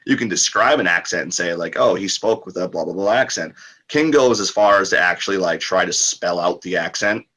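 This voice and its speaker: Deep-voiced man chatting loosely. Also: expressive, brisk, bright, forceful tone. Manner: rambling, lots of fillers and restarts. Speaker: author and podcast guest. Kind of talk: casual podcast interview.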